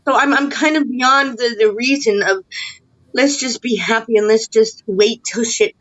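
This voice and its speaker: A woman's voice: a little high, steady tone, normal speed, fairly bright tone, dry recording. Upset woman ranting on a video call, kinda muffled lo-fi sound. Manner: emotional, ranting, voice rising with frustration. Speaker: chat participant. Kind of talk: casual video chat. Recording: dull lo-fi online call audio.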